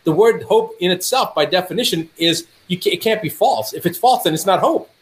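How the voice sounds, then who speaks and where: A man, a doctor, telling stories in conversation, acting out dialogue with a rising voice. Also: a little fast. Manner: animated, acts out dialogue with rising pitch. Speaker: doctor guest. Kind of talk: storytelling in conversation.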